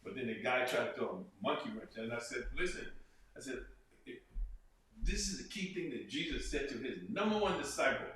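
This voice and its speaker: With a medium pitch and a fairly bright tone, this male interview guest speaks very animatedly and a little fast. The talk is casual and earnest, full of repeated phrases and acted-out quotes, captured distantly in an echoey room.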